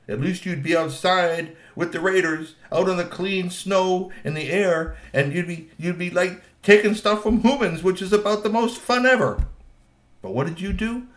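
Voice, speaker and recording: A man's voice: a little high, voice pushed up, natural voice. A man voicing an emotional troll king father, stern one moment and gushing the next, in an echoey room.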